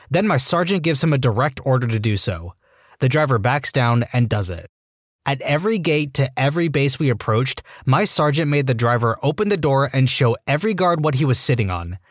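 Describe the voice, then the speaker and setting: A man reading online stories aloud as scripted narration, lively and now and then voicing the people in them. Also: medium pitch, dry recording, studio quality. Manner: lively reading with voiced character quotes. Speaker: story narrator.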